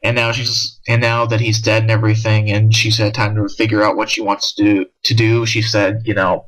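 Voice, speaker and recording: A man talks through his thoughts on a comic chapter in a loose, rambling way, often stopping to restart a sentence or reach for a filler word. His voice sits a little low but comes across bright and forceful. The delivery is casual and unscripted. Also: level tone, a little fast, low-quality recording. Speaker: manga discussion vlogger. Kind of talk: casual spoken review.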